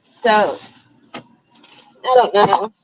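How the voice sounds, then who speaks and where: A woman's voice: mid-range voice, lively intonation, very slow, dull audio, background noise. A woman chatting casually with live viewers from her car, rambling and breaking off with laughs, a little out of breath. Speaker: channel host. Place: in a car while driving. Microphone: headphones with mic.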